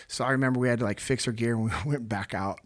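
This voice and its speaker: A man's voice: mid-range voice, fast. A man with a mid-range voice hosting a podcast in casual chat. He is easygoing and plain-spoken, trading stories with a guest. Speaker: podcast host, former Navy SEAL.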